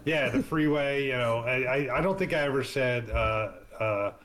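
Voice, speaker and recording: A man's voice: medium pitch, normal speed, a bit bright, a little hiss or hum. A man explaining things in a casual chat, rambling with many restarts and fillers. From East Coast of the United States.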